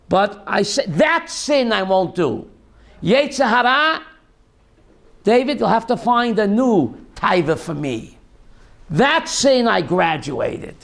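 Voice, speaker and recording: A man teaching a lively Torah class as a rabbi, asking his listeners questions and mixing in Hebrew terms. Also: high voice. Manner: animated, asks the audience questions, mixes Hebrew terms.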